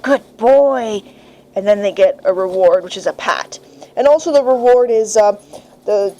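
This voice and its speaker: A young woman dog breeder talking casually while filming on a handheld camera in her kitchen, calmly explaining each step and switching to a high sing-song voice for the puppy. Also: low-quality recording. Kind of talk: casual instructional vlog. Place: home kitchen, indoors. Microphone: handheld camera mic.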